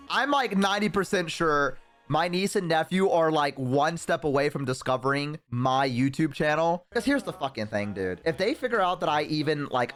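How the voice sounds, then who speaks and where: A man in his twenties, a VTuber streamer, telling a story in casual stream chat, animated and rambling with lots of swearing. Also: a little high. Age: 20s.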